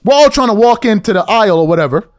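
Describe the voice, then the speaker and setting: A man's voice: high voice, lively intonation, quick pace. A man hosting a podcast, venting in a heated, repetitive, emphatic rant straight to the audience. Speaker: podcast host.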